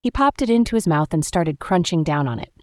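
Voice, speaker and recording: A woman reads a story aloud in a steady, even audiobook manner. Her voice is low, and the recording is dry and close to the mic. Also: a little fast, no room sound. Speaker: narrator. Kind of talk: audiobook narration.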